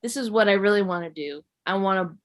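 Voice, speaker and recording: A young woman from California doing a stand-up comedy set, rambling and self-mocking in a deadpan way. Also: mid-range voice, fast talker. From San Jose, California.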